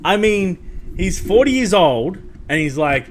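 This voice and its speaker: A man's voice: high-pitched, big pitch swings, unhurried, slight background noise. A man hosting a casual livestream chat, rambling with many ums and restarts and swearing freely. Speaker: host.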